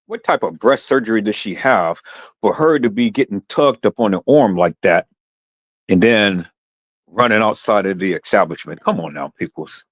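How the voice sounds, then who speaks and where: Man, live-stream rant, impassioned, repetitive, animated pitch. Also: normal speed. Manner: impassioned, repetitive, addresses viewers as "peoples". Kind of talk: ranting live-stream commentary.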